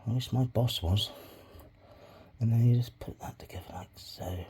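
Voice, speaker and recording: A man's voice: medium pitch, moderate pace, mellow, slight background noise. A man making clay pots as he talks, rambling and swearing freely, often muttering asides under his breath. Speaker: crafting hobby vlogger. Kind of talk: casual crafting tutorial.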